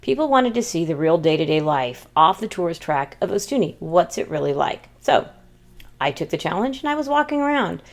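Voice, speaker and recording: A woman's voice: on the low side, very animated, fairly quick. Playful American woman vlogging. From United States. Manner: playful, mock-dramatic storytelling. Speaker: vlog host. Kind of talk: humorous travel vlog narration.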